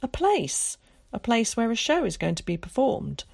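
A woman reading aloud, voicing an eager, theatrical schoolboy who loves to show off, in a lively, dramatic way. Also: a little high, normal speed, gravelly, breathy edge, dry recording, clean studio sound, voice pushed up, heavily acted.

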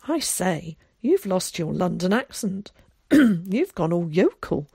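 A woman voicing an excitable, theatrical boy who chatters eagerly. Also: fairly low pitch, takes it slowly, vocal fry, husky, no room sound, clean studio sound, exaggerated voice. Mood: teasing.

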